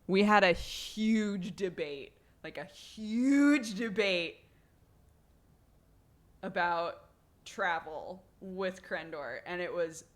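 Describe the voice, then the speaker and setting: A woman's voice: fairly low pitch, lively intonation, very slow. A woman streamer chatting casually with her viewers, laughing often and thanking subscribers by name.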